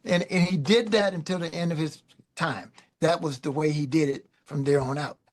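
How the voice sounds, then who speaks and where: Middle-aged guy on a podcast, kinda high voice, rambly animated storytelling with lots of "man". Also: normal speed. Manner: animated, loose, peppered with "man" and "you know". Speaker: guest musician. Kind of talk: casual storytelling.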